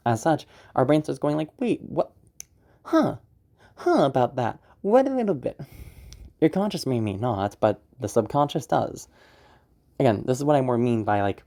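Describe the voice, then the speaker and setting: A man's voice: medium pitch, vocal fry, dark tone. A man teaching voice acting in a loose, chatty tutorial, swearing now and then. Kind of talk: casual spoken tutorial.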